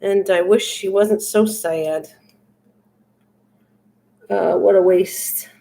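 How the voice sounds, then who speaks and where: In a warm, steady, medium-pitched voice with vocal fry, an older woman speaks extremely slowly as she hosts a crafting livestream. She chats casually with live viewers, reading their comments out loud and answering.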